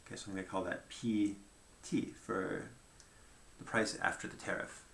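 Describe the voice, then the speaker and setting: A man's voice: lowish voice, steady tone, normal speed, vocal fry, a bit bright, echoey room, slight background noise. A man giving a conversational lecture at a whiteboard, thinking aloud and checking in with "right?" as he goes.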